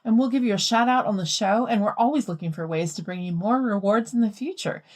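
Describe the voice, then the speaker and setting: A woman hosting a podcast in a casual, chatty way, animated and quick to laugh. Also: mid-range voice. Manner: animated and giggly. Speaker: podcast host.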